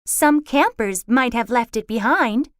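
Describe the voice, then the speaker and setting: Lady doing a careful doubtful little girl, high voice, storybook. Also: animated, measured pace, dry recording, studio quality. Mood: wondering. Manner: doubtful, breathless. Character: cautious, doubtful young girl Rachel.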